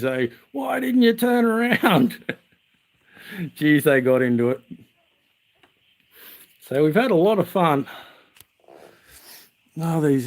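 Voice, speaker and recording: An Australian man vlogging outdoors, telling rambling stories to his viewers with many restarts and fillers. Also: mid-range voice. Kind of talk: casual storytelling to viewers.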